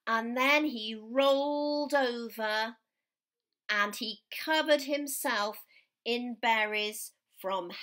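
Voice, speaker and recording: Animated woman teacher reading a story. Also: a little high. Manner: animated storytelling that leads children in sound effects. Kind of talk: children's musical story time.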